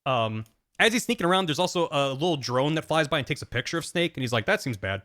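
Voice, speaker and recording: A man on a stream, casually retelling a game's story to friends in a rambling, animated way, dropping into quick voices for the characters. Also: a little high. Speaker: streamer explaining game plots.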